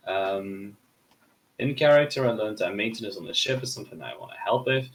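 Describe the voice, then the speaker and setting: Eager, blunt low-voiced man. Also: lively intonation, brisk, low-quality recording. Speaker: player. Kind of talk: casual chat.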